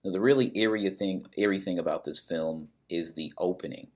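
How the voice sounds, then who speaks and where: Deep-voiced man recapping a plot. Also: fairly quick, darkish tone. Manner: storytelling, briefly acting out quoted characters; blunt, with some swearing.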